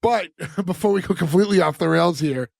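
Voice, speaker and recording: A man's voice: high-pitched, brisk, vocal fry, darkish tone, no room sound, clean studio sound. A man co-hosting a casual podcast, joking and acting out lines while he recaps a sitcom episode. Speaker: podcast co-host.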